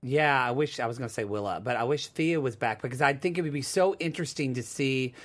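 Male co-host, casual recap chat, rambling and animated, mid-range voice. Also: medium pitch, quick pace. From United States. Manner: rambling, animated, acts out quotes in a drawl.

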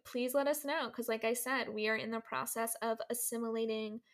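A bubbly woman hosts a casual podcast, laughing often as she slips into a playful teacher act. Her voice sits a little high. She talks in a relaxed, chatty way. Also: brisk. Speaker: podcast co-host. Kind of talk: casual storytelling chat.

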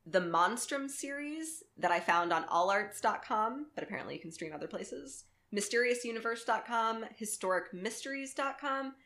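A woman co-hosting a podcast in casual chat, animated and joking with crude humor, often laughing. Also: fairly high pitch, normal speed, few pauses. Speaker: podcast co-host.

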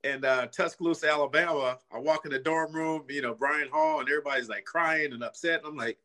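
Bright-voiced middle-aged man telling stories. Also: a little high, fairly even intonation, fast talker, few pauses. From California. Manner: earnest, frequent "you know" and "man" fillers. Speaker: guest, former pro football player. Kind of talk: casual storytelling interview.

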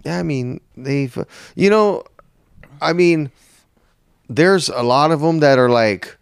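A man chatting casually on a podcast, relaxed, cracking quick jokes and swearing a lot. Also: a little high, creaky, clean tone, no echo, clean studio sound. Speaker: podcast co-host. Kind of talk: casual chat.

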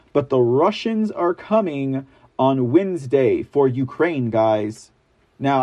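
A man's voice: on the high side, warm tone. A man hosting an online political commentary show, talking casually to his viewers with many fillers and sarcastic asides. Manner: chatty, many fillers, addresses viewers as guys; sarcastic asides when reading articles. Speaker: news commentary host.

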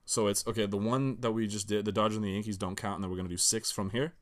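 A man with a fairly low voice talks sports quickly and casually with a friend. His delivery is laid-back and low-key, and he slips in dry jokes as he goes. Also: steady tone.

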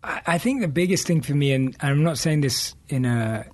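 A man's voice: fairly high pitch, normal speed, a little mellow. A man in his thirties, a podcast guest, answering in an eager, rambling way as he thinks aloud. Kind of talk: casual podcast interview.

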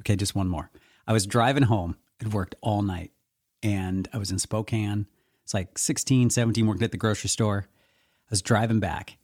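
A man from Eastern Washington co-hosting a podcast, telling stories in animated casual chat and swearing freely. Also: fairly low pitch, moderate pace. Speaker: podcast co-host.

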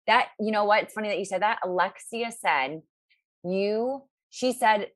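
A woman's voice: medium pitch, moderate pace, fairly bright tone, no echo. A woman host in a casual interview, speaking with gushing, fan-like enthusiasm. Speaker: podcast host.

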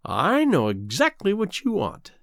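A man's voice: high-pitched, wildly swooping pitch, unhurried, gravelly, fairly bright tone, no room sound, clean studio sound, heavily acted. A man voicing a cruel, mocking old female sea witch in a storybook reading, with a gloating, menacing delivery.

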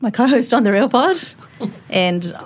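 A woman hosting a casual group podcast in a studio full of guests, bubbly and quick to laugh. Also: a little high, lively intonation, breathy edge, no room sound. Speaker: podcast host.

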